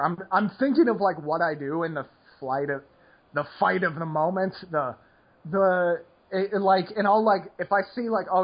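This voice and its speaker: Guy with a raspy voice, kinda high, rambling on a podcast, like like like, muffled lo-fi sound. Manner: rambling, heavy use of "like" and restarts. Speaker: poker podcast host. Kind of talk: casual rambling podcast talk.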